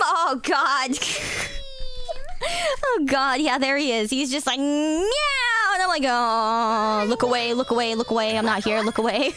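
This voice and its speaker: Lively high-voiced young woman streamer. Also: a little hiss or hum. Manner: chatty, laughs often, swears casually. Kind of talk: casual chat.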